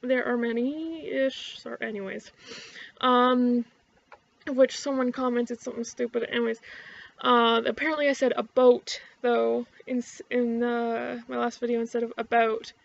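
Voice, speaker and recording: A woman's voice: fairly high pitch, fairly even intonation, normal speed, vocal fry, muffled recording. A young woman with an Ottawa-area Canadian accent, chatting casually to camera in a rambling, sweary way, full of fillers and restarts. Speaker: vlogger.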